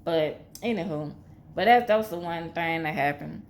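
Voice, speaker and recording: A woman's voice: lowish voice, normal speed. A woman telling a personal story in a rambling, repetitive, emphatic way. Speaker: vlogger.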